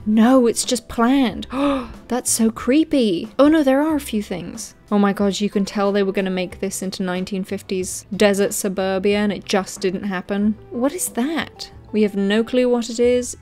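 A woman hosting a comedic commentary video. She reads facts aloud and keeps breaking off into sarcastic, excited reactions. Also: medium pitch. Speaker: video host.

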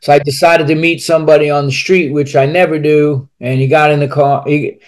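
Speaking briskly in a slightly high, flat voice, a podcast guest tells his own life story with candor. He's blunt and profane, rambling along and restarting sentences as he goes.

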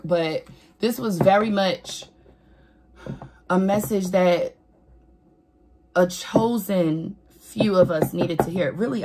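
A woman giving a casual spiritual reading to camera, animated and preachy, talking straight to her viewers with swearing and laughs. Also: lowish voice, noisy background. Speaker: tarot reader.

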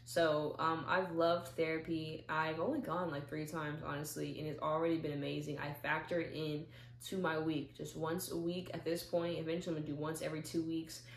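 Young woman vlogger, lowish voice, animated storyteller, echoey room. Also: brisk, vocal fry. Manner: animated storyteller, acts out little dialogues. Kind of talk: casual talk to camera. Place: at home, seated in a chair.

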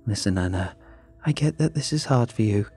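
A man's voice: lowish voice, expressive, fairly quick, darkish tone, husky, faint music behind. A man voicing a stern, defensive middle-aged mother who scolds her daughter. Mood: scolding. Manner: scolding, tight-lipped.

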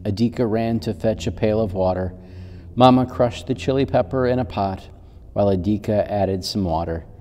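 Male pastor, children's sermon storyteller, low mellow voice, reverberant church hall. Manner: gentle, unhurried storytelling.

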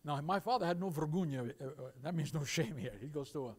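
An older man preaches in a church, his voice sitting high for a man. He drops to soft, intimate storytelling and then climbs to loud, fervent declarations. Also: fast, breathy edge. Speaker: pastor. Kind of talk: sermon with storytelling. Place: church sanctuary.

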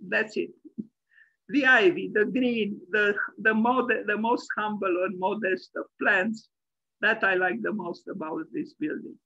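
A man's voice: high-pitched, fairly even intonation, measured pace, creaky, pushed and bright, dry recording, lo-fi sound. A man giving an online architecture lecture as host, rambling and opinionated, with many fillers and restarts.

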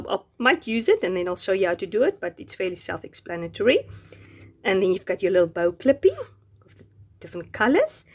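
A woman's voice: mid-range voice, darkish tone. A woman casually showing and using Bible journaling craft supplies, gushing over each item. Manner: gushing, admiring every item.

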